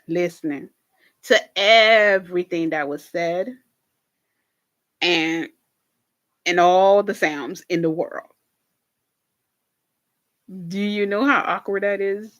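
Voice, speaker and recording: Slow-talking woman recapping a show. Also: on the low side. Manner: animated, swearing, laughing often, speaking straight to viewers. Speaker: reaction video host. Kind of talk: casual recap of a TV episode.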